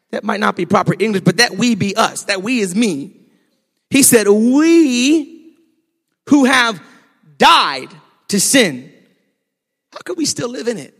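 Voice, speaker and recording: High, bright-voiced man preaching. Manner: sung, shouted preaching cadence. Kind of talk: sermon. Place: church sanctuary. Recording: long reverb of a large hall.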